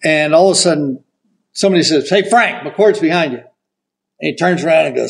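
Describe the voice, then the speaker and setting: An older man, a golf broadcaster, telling a story as an animated raconteur who acts out the quotes. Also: a little high, normal speed, vocal fry, rough recording. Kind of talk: casual storytelling.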